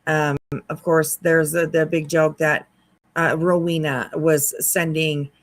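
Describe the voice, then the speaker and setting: A commentary host talking wryly over a livestream, hesitant with many pauses and restarts. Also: mid-range voice, little pitch movement, dry recording, poor audio.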